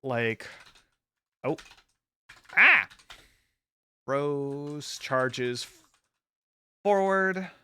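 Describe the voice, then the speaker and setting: Male streamer, bright crisp voice, rambly filler-heavy chatter, a bit wired. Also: mid-range voice, a little slow. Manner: rambling with many fillers, laughs often. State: hyper from an energy drink. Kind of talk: casual livestream chat.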